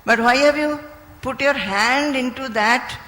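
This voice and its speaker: A woman's voice: sits high, unhurried, bright, forceful tone, voice pushed up. A woman voicing an indignant village housewife who questions a boy she caught stealing, in a reverberant hall. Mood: scolding. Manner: questioning, scolding.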